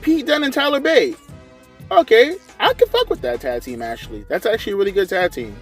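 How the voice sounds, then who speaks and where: A young man giving casual, profane, rambling wrestling commentary, excitable and full of slang. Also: sits high, brisk, soft background music. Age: young adult. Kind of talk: casual watch-along commentary.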